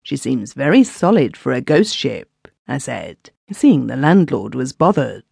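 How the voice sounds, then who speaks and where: A woman's voice: extremely low pitch, big pitch swings, unhurried, creaky, darkish tone, husky, no room sound. A woman narrating a classic story in the first person as a villager, recorded on a close studio mic. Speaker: audiobook narrator.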